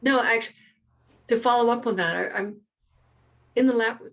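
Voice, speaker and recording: A woman's voice: fairly high pitch, normal speed, fairly bright tone. A middle-aged woman talking as an interview guest, explaining earnestly with many restarts and repeated words. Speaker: guest, primatologist.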